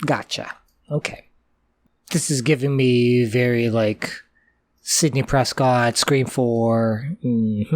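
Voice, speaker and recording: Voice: mid-range voice, steady tone, slow, no echo. A co-host giving blunt, opinionated reactions to a horror film, easily annoyed by it. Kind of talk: casual movie reaction commentary.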